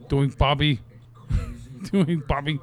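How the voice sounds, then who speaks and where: A man's voice: fairly high pitch, drawn-out words. Laughing, cursing gamer guy. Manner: laughing, swearing, riffing on impressions. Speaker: let's play commentator. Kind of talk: casual gaming commentary.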